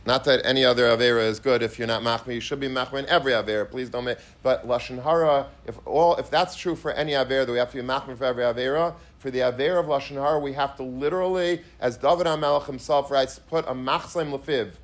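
A rabbi gives an emphatic sermon, repeating himself, restarting phrases and mixing in many Hebrew and Yiddish terms. His voice is medium-pitched, and he speaks quickly with few pauses.

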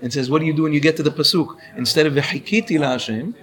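A man's voice: a little high, steady tone, rapid-fire, a bit bright. A man teaching a class, explaining and asking his students questions as he goes. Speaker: Torah teacher. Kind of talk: classroom lecture on Hebrew pronunciation.

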